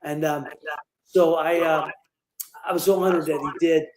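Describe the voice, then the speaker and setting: Older guy telling stories in a live interview, lots of ums and restarts, high voice, echoey room. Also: steady tone, unhurried, crowd noise. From Ohio, USA. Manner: rambling, full of fillers and restarts. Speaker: interview guest, former boxer.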